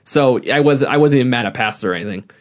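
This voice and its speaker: Talking at a fast clip in a mid-range voice, this young male podcast co-host rambles through casual chat, full of fillers and restarts and laughing often.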